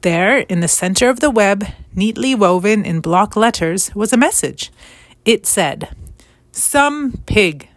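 A woman reading a children's novel aloud in a gentle, measured storytelling manner. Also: medium pitch, no room sound. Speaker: storybook reader.

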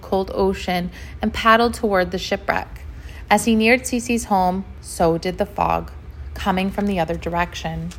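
Gentle woman reading a children's story. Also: medium pitch, slight background noise. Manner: gentle, expressive, chatty asides.

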